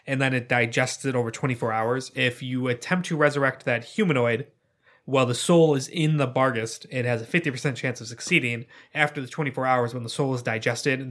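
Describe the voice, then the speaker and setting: A man's voice: mid-range voice, fairly bright tone. A man co-hosting a tabletop gaming podcast, explaining game lore in a matter-of-fact way. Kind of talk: casual chat, reading out game lore.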